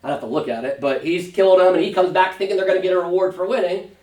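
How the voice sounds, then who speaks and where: A high-voiced male pastor leads a Sunday school Bible study in a church classroom, speaking conversationally and often checking in with a quick "right?". He gets animated when paraphrasing scripture figures, and the distant mic picks up a roomy church space.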